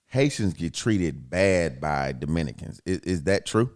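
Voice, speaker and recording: A man hosting a podcast in casual chat, blunt and loud, swearing freely. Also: deep voice, lively intonation, unhurried. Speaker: podcast host.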